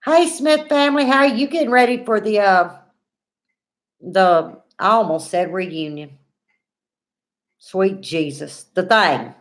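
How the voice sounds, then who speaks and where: Woman, forties, folksy livestream chat, greets viewers by name, mid-pitched voice. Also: expressive, slow pace, long pauses. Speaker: livestream host. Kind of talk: casual live chat reading viewer comments.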